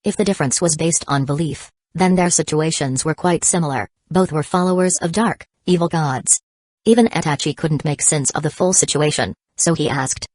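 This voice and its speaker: A woman narrates an audiobook in a steady, even reading. Her voice sits low. The sound is close and dry, with no room around it. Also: a little fast, no room sound. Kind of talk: scripted narration.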